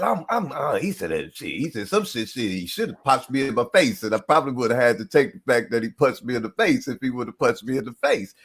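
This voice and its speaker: A man's voice: mid-range voice, very animated, quick pace, few pauses, fairly bright tone, husky. A man co-hosting a sports podcast in casual chat, animatedly retelling players' stories with slang and cursing. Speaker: podcast co-host. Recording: live stream call.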